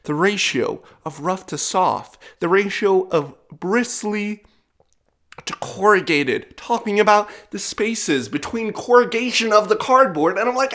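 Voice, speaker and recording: Male vlogger, casual rambling storyteller, bright tone, slightly high. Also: animated, measured pace. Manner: rambling, self-mocking, with many fillers.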